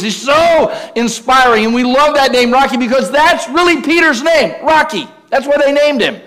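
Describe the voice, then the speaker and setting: A male pastor with a high-pitched voice delivers a sermon. He talks in a loose, conversational way, with frequent fillers. He keeps turning to the congregation with questions. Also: expressive, a little fast, hardly any pauses, a bit bright.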